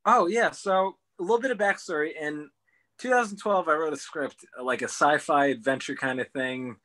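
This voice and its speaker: A man's voice: fairly high pitch, moderate pace, sharp tone. A man in his twenties, a guest on a chat show, talking eagerly about his work in a casual, rambling way. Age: 20s. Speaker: podcast guest.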